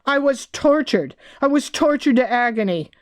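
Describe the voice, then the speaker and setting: A woman reads as a wry, candid woman looking back on hard years with rueful frankness. The voice sits a little high for a woman. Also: lively intonation, moderate pace.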